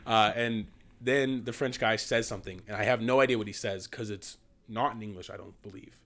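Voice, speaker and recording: A man's voice: fairly low pitch, fairly even intonation, brisk, a bit bright. A man in casual conversation, retelling comedy film scenes with frequent laughter and rambling restarts. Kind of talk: casual movie discussion.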